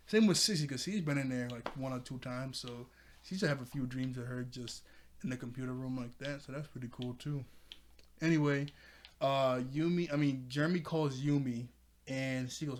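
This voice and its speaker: A man's voice: medium pitch, steady tone, fairly quick. A man casually recapping a cartoon episode. He rambles, repeats himself and laughs a lot.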